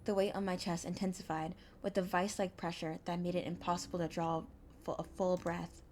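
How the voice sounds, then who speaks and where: A young woman streamer reading a visual novel aloud, with expressive, anxious narration and small stumbles. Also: lowish voice, a little fast, slight background noise.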